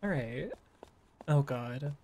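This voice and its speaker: A woman's voice: rumbling low, expressive, takes it slowly, darkish tone, a little hiss or hum. A woman streamer thinking aloud in casual gameplay commentary, musing with loose fillers.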